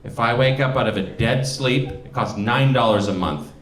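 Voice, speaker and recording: A man doing a stand-up set, rambling and self-deprecating, building to loud rants. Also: mid-range voice, normal speed. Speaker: stand-up comedian. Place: comedy club stage. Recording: roomy club sound from far off. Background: audience laughter.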